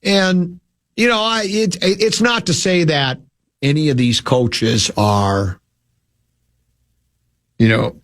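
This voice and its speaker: Sports radio guy with a cold, voice gone deep and husky, rambles and keeps restarting sentences. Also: slow, pauses often, fairly bright tone. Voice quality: usually whiny and nasal. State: has a cold, lower voice than usual. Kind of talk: casual sports talk.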